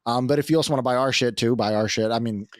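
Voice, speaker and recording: Man, podcast co-host, rapid-fire rambling, profane and cocky, casual chat, dry close sound. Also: mid-range voice, dry recording. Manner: rambling, profane, self-assured.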